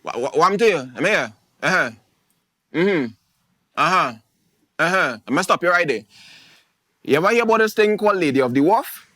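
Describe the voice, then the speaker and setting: A man's voice: high-pitched, lively intonation, fairly quick, long pauses, sharp tone, no echo, clean studio sound, pitched above the performer's own voice. A man putting on an older Trinidadian bush-medicine healer who pushily rattles off folk remedy instructions. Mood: pushy.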